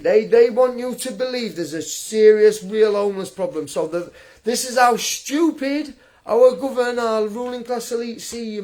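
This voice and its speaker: A man's voice: high voice, a little mellow. A man ranting straight to camera in a blunt, combative, indignant vlog monologue. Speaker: vlogger.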